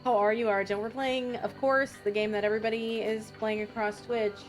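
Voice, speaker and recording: A woman's voice: a little high, little pitch movement, a little fast, faint music behind. A woman streaming a game live, chatting casually with her viewers, swearing freely and reading game lines aloud. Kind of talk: casual live-stream commentary while playing.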